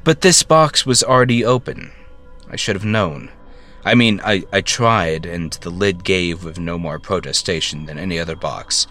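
Low-voiced man narrating a dark tale. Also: faint music behind. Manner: halting, stammering self-corrections. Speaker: storyteller. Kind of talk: first-person story narration.

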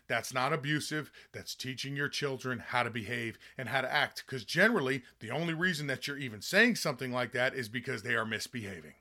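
A man's voice: medium pitch, brisk, hardly any pauses, sharp tone. A man hosting a commentary show, talking bluntly and sarcastically in a heated rant, often checking in with "okay?". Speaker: podcast host. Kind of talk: opinionated commentary monologue.

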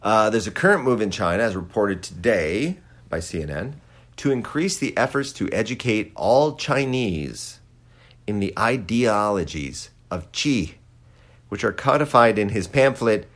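Man, low register, very animated delivery; sarcastic commentator doing a satirical monologue with dry asides. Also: a little slow.

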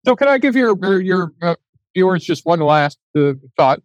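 An older man telling a story as an interview guest, animated and acting out the dialogue in his anecdotes. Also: high-pitched, normal speed, no echo, rough recording.

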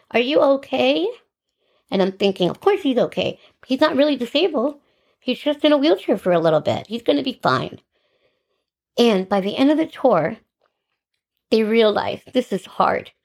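A middle-aged woman hosting a podcast, telling her own story in an animated, sarcastic way and acting out the dialogue. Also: on the low side, gravelly. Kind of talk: personal storytelling monologue.

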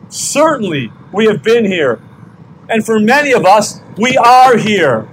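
An older man delivers a sermon at a slow, deliberate pace, pressing his points with repeated questions. His voice sits high for a man. Faint outdoor traffic hum runs behind him. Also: expressive, low-quality recording. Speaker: pastor. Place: outdoor parking lot service.

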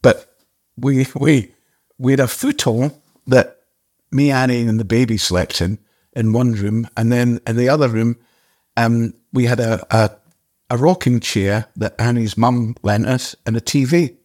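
An older man, an actor guest, telling a story casually in a halting way, with restarts and the odd casual swear. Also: mid-range voice, darkish tone.

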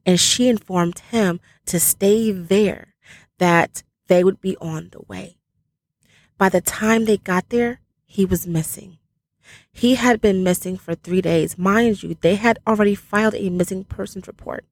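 A woman preaches slowly and earnestly, leaning on each phrase as she calls her listeners family. Her voice cracks with emotion now and then. The sound is close and dry, with no room around it. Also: mid-range voice, steady tone, no echo. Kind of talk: emotional online sermon.

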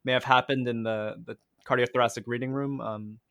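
A man's voice: mid-range voice, steady tone, fairly quick, a bit bright, no room sound. Friendly male podcast co-host, dry sound. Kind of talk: podcast interview questions.

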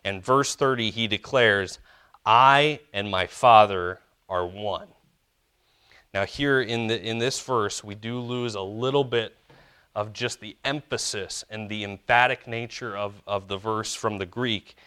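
A man preaching a sermon as a pastor, earnestly, slowing down to stress key words. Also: lowish voice, fairly even intonation, pushed and bright, clean tone.

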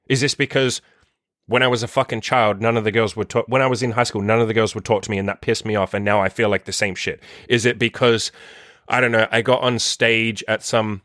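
A man's voice: fairly low pitch, fairly bright tone, no echo, clean studio sound. Blunt, profane man lecturing. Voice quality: profane, emphatic, rapid rhetorical questions. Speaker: dating and self-improvement coach. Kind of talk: blunt motivational monologue.

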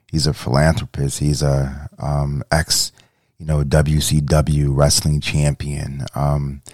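Male podcast host, extremely low voice, unhurried, casual, full of fillers, dry close sound. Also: darkish tone, dry recording. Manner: loose and conversational, with many fillers. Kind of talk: podcast introduction.

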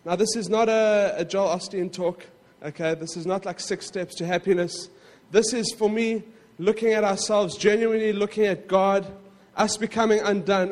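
A man preaching a sermon in a conversational way, with frequent asides to the congregation and quick self-corrections. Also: high voice, big-room sound. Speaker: pastor.

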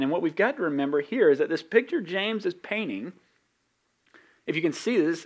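This is a man with a Southern accent giving a sermon from the pulpit. His voice sits a little high for a man. He keeps it conversational and pokes fun at himself as he teaches. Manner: conversational, self-deprecating, with quick acted asides. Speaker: pastor.

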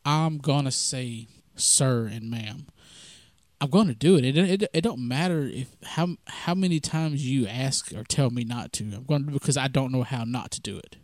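A man's voice: mid-range voice, moderate pace, a little mellow, no room sound, studio quality. A man from the American South with a Southern accent, hosting a podcast in a rambling, folksy storytelling style full of fillers. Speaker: podcast host. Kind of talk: casual storytelling monologue.

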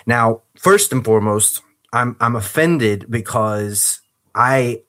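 A man's voice: medium pitch, slow pace, sharp tone. A man from the States with a partly Northern Irish accent, hosting a casual podcast with a chatty, joking manner and frequent laughs. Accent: American with a Northern Irish twang. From United States. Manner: chatty, laughs often, playful mock outrage. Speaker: podcast host.

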